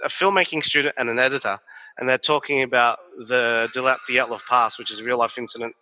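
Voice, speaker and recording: A man, co-hosting a podcast and telling stories in a lively, swearing, casual way. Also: medium pitch, fairly quick. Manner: animated, profane storytelling. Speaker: podcast co-host. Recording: dull, reverberant recording.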